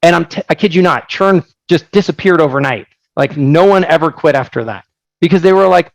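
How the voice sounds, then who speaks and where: A man presenting his software on a live webinar, energetic and joking, telling stories with lots of asides. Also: a little high, fast, vocal fry, dry recording, rough recording. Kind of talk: casual live product presentation.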